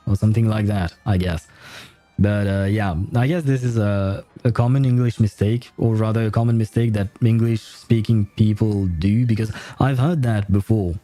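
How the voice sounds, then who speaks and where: A streamer whose first language is French narrates a let's-play in a chatty, amused way, tossing in nitpicky asides over faint game music. His voice is medium-pitched and dark in tone, and he's in no hurry.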